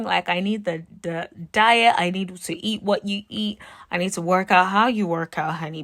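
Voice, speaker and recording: A woman's voice: lowish voice, dry recording, clean studio sound. Sassy woman recapping reality TV. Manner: sassy, animated, calls viewers "honey". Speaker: TV show recap host. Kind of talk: casual reality TV recap commentary.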